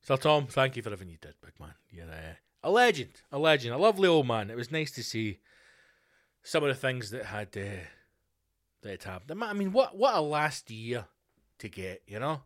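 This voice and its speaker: A man's voice: mid-range voice, sing-song, moderate pace. A man hosting a podcast, ranting in a profane, rambling comic monologue. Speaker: podcast host.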